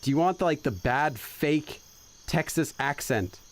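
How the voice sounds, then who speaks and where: A man's voice: fairly high pitch, lively intonation, measured pace. A man hosting a casual let's-play, translating game dialogue aloud and laughing as he loses his train of thought. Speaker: gaming channel host.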